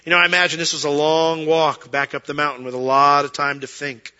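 Bright-voiced preacher man in echoing hall. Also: on the high side, flat delivery, fairly quick. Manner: conversational preaching, acts out quoted prayers and excuses. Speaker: pastor. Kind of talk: sermon. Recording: dull sound with long reverb.

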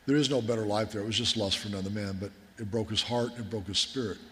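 A man's voice: on the low side, fairly even intonation, fast talker, a bit bright. A man, a military chaplain, preaching a sermon in an earnest, folksy storytelling manner. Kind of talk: sermon with war stories. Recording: long hall reverb.

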